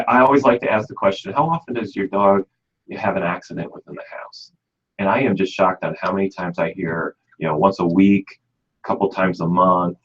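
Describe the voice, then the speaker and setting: A husky, deep-voiced man hosts a pet radio show, bringing a pet store expert's knowledge and a Midwestern American accent. His relaxed radio chatter is folksy and leans heavily on "you know," and the recording sounds dull and lo-fi.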